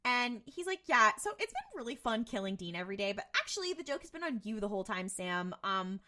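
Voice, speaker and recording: A young woman co-hosting a podcast, chatting casually as she recaps an episode and acts out quick quotes from the characters. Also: a little high. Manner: animated, retells scenes with quick voiced quotes. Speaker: podcast co-host.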